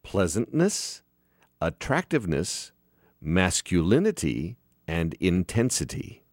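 Man, radio host, low voice, lively swooping pitch, self-deprecating jokes, close dry studio mic. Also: takes it slowly, dry recording. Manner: self-deprecating, jokey, animated. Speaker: radio talk show host. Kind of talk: casual on-air banter.

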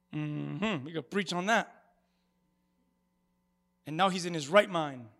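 A male pastor preaching an animated sermon to a congregation and calling for their responses. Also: fairly high pitch, slow pace, gravelly. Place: church before a congregation.

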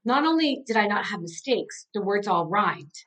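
A woman's voice: medium pitch, sing-song, moderate pace, fairly bright tone, rough recording. Earnest middle-aged woman telling her story. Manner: earnest, heartfelt storytelling with many "like" fillers. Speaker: author and coach, podcast guest. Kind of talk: casual interview conversation.

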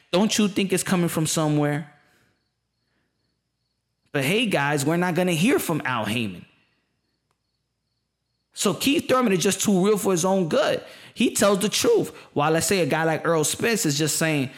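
A man's voice: fairly high pitch, expressive, normal speed. A man giving an opinionated monologue, emphatic and passionate, repeating his points in casual slang. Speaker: boxing commentator. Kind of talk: opinionated boxing commentary monologue.

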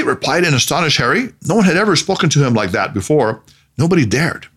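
A man narrating a story in a measured, expressive way. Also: on the high side, slightly rough.

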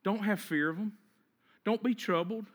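A man preaching a sermon, dropping to a hush and then building to emphatic, rhythmic repeated phrases. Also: sits high, moderate pace. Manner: swings between hushed and emphatic preaching; repetitive, rhythmic lists of phrases. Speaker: pastor.

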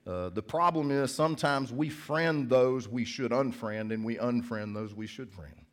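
A man's voice: medium pitch, a little slow. A middle-aged man preaching a sermon in church as the pastor, telling jokes and stories in a casual, chatty way. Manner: casual, joking storyteller.

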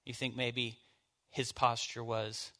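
A man's voice: medium pitch, flat delivery, slow, pushed and bright. A man leading a church bible study, teaching in an informal, conversational way and asking the group questions. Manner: informal, asks the group questions, casual fillers.

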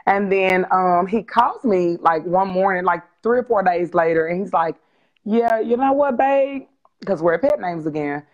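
A woman in her forties, a guest telling her life story on a video call interview, open and animated. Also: on the low side, moderate pace, hardly any pauses, muffled recording. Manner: animated, open, acts out quoted dialogue with laughs.

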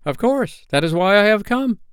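Boy who never grows up, high and loud, bossy and eager, voiced by a man in a storybook. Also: big pitch swings, moderate pace, smooth, no room sound, clean studio sound. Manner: eager, commanding, petulant.

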